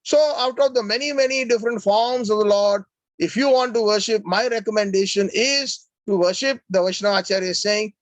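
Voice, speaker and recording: A man's voice: high-pitched, a little fast, no room sound. A man giving a devotional lecture, earnestly explaining Sanskrit terms with frequent "uh"s and repeated words. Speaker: devotional class speaker.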